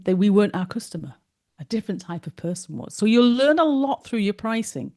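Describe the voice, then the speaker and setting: A woman's voice: lowish voice, dark tone. A woman teaching an online business course, telling chatty stories and acting out the dialogue. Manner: chatty storyteller, acts out dialogue.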